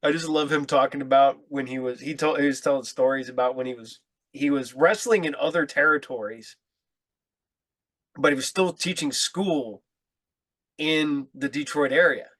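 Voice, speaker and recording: A man's voice: mid-range voice, normal speed, fairly bright tone, dry recording. A man guesting on a podcast, telling stories in a laid-back, rambling way and laughing often. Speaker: podcast guest, mask maker. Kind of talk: casual chat. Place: podcast studio.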